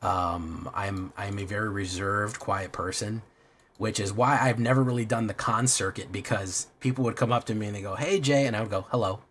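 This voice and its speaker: Male streamer, low voice, loose rambling chat with lots of swearing, faint room hiss. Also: fairly even intonation, normal speed, a bit bright. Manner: rambling, self-deprecating, swears often. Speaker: streamer playing a card game. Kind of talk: casual live-stream chat.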